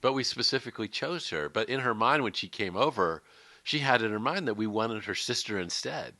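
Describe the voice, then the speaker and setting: A man co-hosting a relaxed faith podcast, chatting, joking lightly and reading verses aloud. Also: fairly low pitch, fairly quick, no room sound. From California. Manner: conversational, reads scripture aloud, jokes lightly. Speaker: podcast co-host. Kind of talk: casual faith discussion.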